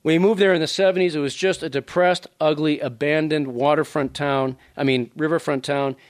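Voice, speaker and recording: Author type, male, sixties, from Louisiana; conversational reading voice, slightly high-pitched, dry close sound. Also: moderate pace, no echo. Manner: conversational, digressive, animated asides to the audience. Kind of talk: casual talk and book reading.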